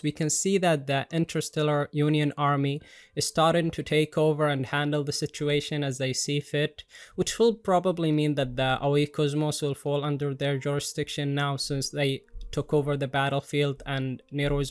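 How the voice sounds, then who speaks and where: A young man reviewing a manga chapter in casual commentary, excitable and jokey, swearing freely and poking fun at himself. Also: fairly high pitch, moderate pace, clear, resonant tone, dry recording, clean studio sound. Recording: faint music underneath.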